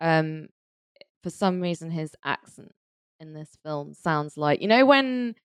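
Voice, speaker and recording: A woman co-hosting a podcast, chatting in a wry, conversational way with quick asides. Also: deep voice, expressive, clear, resonant tone, no room sound, clean studio sound. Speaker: podcast co-host. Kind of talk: casual chat.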